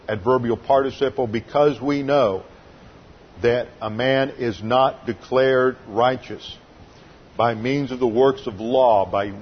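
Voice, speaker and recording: A man's voice: medium pitch, highs cut off, a little hiss or hum. Methodical male pastor teaching scripture. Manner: methodical and didactic, explaining Greek grammar. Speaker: pastor teaching a Bible study. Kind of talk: expository sermon.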